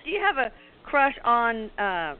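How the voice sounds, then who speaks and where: Lively woman host on a phone line. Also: a little high, a little slow, smooth. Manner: brief encouraging interjections. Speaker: show host. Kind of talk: call-in show hosting.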